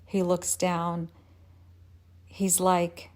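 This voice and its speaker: A woman telling a personal story slowly and carefully, at a middle pitch. She lifts into a higher, louder voice when she acts out her own confused and excited words. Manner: unhurried, measured narration.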